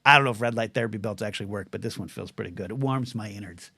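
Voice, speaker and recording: A man's voice: lowish voice, rapid-fire, vocal fry, pushed and bright, slightly rough, dry recording. A middle-aged man hosting his own solo podcast livestream, rambling through stories and viewer comments, stumbling over words and getting choked up. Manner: rambling, repeats words, emotional and choked up when thanking viewers.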